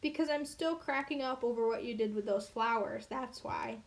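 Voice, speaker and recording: A woman's voice: on the high side, normal speed, natural voice. A woman reading as a blunt, confident schoolgirl. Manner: direct, matter-of-fact.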